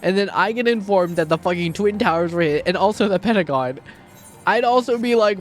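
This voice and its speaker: A sarcastic male streamer rants casually, swearing freely and slipping into mocking voices for the people he quotes. His voice sits a bit high, and faint music plays behind him. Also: brisk. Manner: ranting, sarcastic, swears often.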